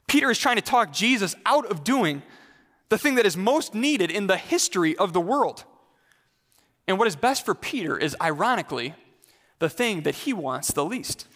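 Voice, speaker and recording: A man's voice: high voice, fairly bright tone, big-room sound. A male pastor preaching a sermon in a conversational way, putting questions straight to the congregation.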